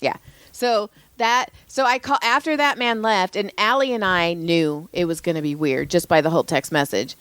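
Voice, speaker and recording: A woman's voice: lowish voice, normal speed, fairly bright tone, clear, resonant tone, no echo. Profane storytelling woman podcaster. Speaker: podcast co-host, massage therapist. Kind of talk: casual chat, venting anecdotes.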